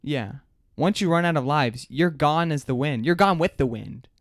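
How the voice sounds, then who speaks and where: Young man joking deadpan, dry sound. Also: a little high, normal speed, no echo. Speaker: podcast co-host. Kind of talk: casual comedic banter.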